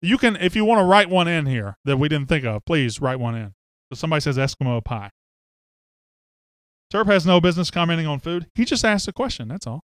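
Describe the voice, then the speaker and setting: A man with a fairly high, smooth, resonant voice hosts a sports podcast, chatting casually and joking as he reads out listener comments. The sound is dry and close, with no room around it. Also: sing-song, brisk, dry recording. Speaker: podcast host.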